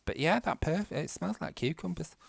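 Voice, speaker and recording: A man's voice: on the high side, expressive, moderate pace, vocal fry, no echo. A man with a Manchester accent chatting casually while playing a game at home, rambling, self-mocking and laughing often. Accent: Mancunian English. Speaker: gaming vlogger. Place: indoors at home.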